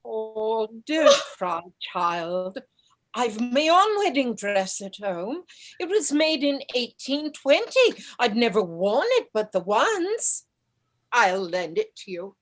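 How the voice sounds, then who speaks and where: A woman's voice: a little high, big pitch swings, slow pace. Woman playing a kindly old lady. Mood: soothing. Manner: soothing, motherly.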